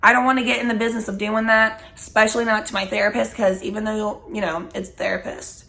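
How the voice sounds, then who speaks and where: A woman's voice: mid-range voice, flat delivery, fast talker, vocal fry, sharp tone. Woman, mid-twenties, casual vlogger, chatty, blunt, salty language. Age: 20s. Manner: candid, swears freely, chatty and rambling. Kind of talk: casual chat while smoking.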